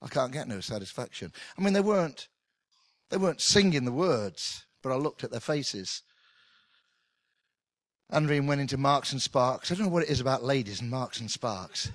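A middle-aged man preaching a sermon in an animated, conversational way with touches of humour. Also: mid-range voice, normal speed, long pauses, dry recording. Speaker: pastor.

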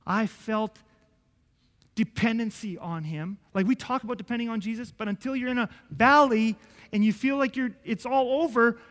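A man preaching an emotional sermon in a high, bright voice that rings through a hall with a long reverb. He tells a personal story, dropping to a hush, then climbing to loud, pleading outbursts. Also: normal speed. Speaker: pastor.

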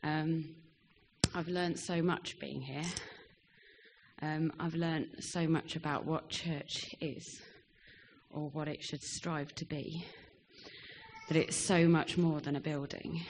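A woman's voice: low voice, fairly even intonation, slow pace, a little mellow, a little hiss or hum. A young woman giving a hesitant farewell speech in church, with frequent ums, and reading scripture. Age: young adult. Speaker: departing church member.

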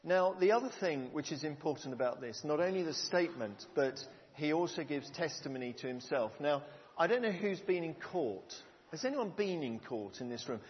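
A man's voice: on the high side, lively intonation, normal speed, slight background noise. A man preaching a sermon to a congregation, earnest and conversational, asking the room questions. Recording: long hall reverb, dull lo-fi sound.

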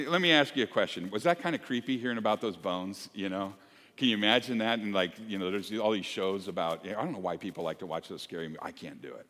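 A man preaching a sermon to his congregation, conversational and animated, joking with the people in the pews. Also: fairly low pitch. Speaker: pastor. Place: church sanctuary. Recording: long hall reverb.

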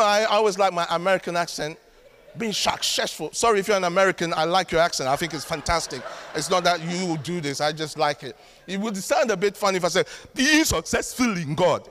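A male pastor preaching a sermon, emphatic, with sudden loud outbursts and dry asides. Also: high voice. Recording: long reverb of a large hall.

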